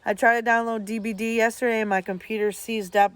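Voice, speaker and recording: A woman's voice: fairly high pitch, little pitch movement, brisk, no echo. A woman, chatting casually and bluntly to her viewers as a streamer, swearing freely. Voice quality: blunt and profane, talks straight at viewers. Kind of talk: casual chat.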